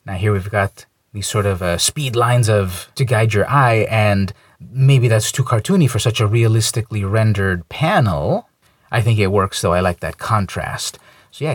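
Male comic reviewer, husky mid voice, dry close sound, easygoing delivery. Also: lowish voice, moderate pace, dry recording. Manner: relaxed, conversational, lightly opinionated. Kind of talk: casual review commentary.

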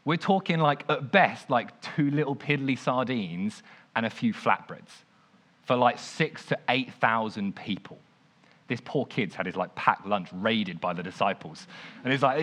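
Animated young preacher. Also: male voice, medium pitch, normal speed. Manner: animated, conversational, frequent "like". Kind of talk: informal sermon storytelling.

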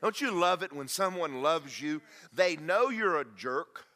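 Man, middle-aged pastor, sermon, folksy storytelling, animated pitch, bright voice. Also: measured pace. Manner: folksy storytelling, rising to fervent prayer.

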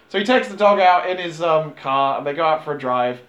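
A man recapping a movie plot in a casual, rambling, profane way, sometimes dropping into quick character voices. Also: sits high, fairly bright tone. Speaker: podcast host recapping a film. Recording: echoey room.

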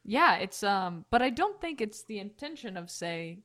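Woman, mid-pitched voice, playful and giggly, casual podcast host. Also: sing-song, moderate pace, fairly bright tone. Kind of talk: casual tech podcast chat.

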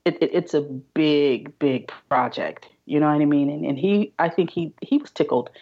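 A woman guest on a podcast, telling her story in a halting way, restarting and repeating words. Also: low voice, slightly rough, dull audio. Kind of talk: casual interview storytelling.

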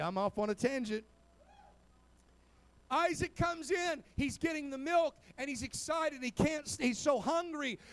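This sermon comes from a pastor with a high voice. He keeps dropping in "amen" and "praise God," moving back and forth from hushed side comments to booming calls to his listeners.

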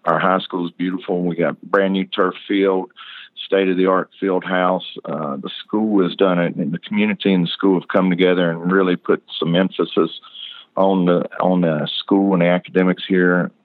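A man's voice: low-pitched, flat delivery, moderate pace, no echo. A man with a Southern accent, a football coach talking easygoing and upbeat in a phone interview. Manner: easygoing, upbeat, many restarts. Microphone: phone line. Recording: dry tinny phone line.

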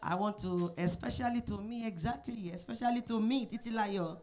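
A woman pastor opening her sermon in a church service. She speaks softly and in a measured way, with frequent amens and hallelujahs. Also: medium pitch, crowd noise. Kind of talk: sermon introduction.

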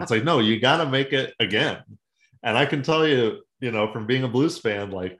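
A man's voice: mid-range voice, lively intonation, moderate pace, a bit bright, reverberant. A man co-hosting a sports podcast, talking casually and profanely and acting out quoted voices in a joking way. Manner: profane, jokey, acts out quotes. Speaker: podcast co-host.

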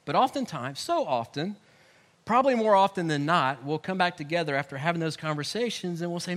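A middle-aged man, a married pastor, preaching a sermon with animated swings from hushed to loud as he acts out the voices he quotes. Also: fairly high pitch, brisk.

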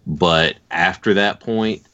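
Low voice guy cohosting, slow explainy talk, lo-fi muffled mic. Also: fairly bright tone. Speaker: podcast co-host. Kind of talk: casual chat. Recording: dull lo-fi sound.

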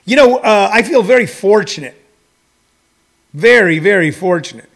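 A man's voice: high-pitched, expressive, moderate pace, creaky, fairly bright tone. A man in his sixties who runs a comedy school, talking in a rambling, joking monologue full of fillers. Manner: meandering, joking, many fillers.

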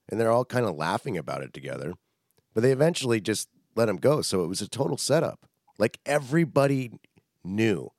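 A man's voice: deep voice, brisk, dry recording, clean studio sound. A young man casually chatting as a podcast co-host, rambling and swearing a lot. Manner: profane, rambling, animated. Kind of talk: casual chat.

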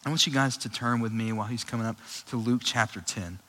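A young adult man preaching a sermon in a conversational, animated way, with frequent fillers and restarts. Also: mid-range voice, quick pace, a little hiss or hum, poor audio. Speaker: pastor.

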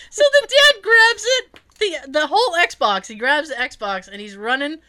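Bright, lively woman telling a story. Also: high-pitched, a little slow. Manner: animated storyteller, acts out quoted voices, laughs often. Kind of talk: casual chat.

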